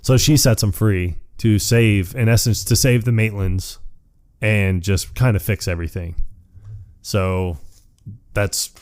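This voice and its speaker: A man's voice: lowish voice, fairly even intonation, unhurried, a little mellow. A man hosting a podcast, retelling a movie in a rambling, casual way and acting out lines, laughing often. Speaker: podcast host. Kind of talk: casual movie recap chat.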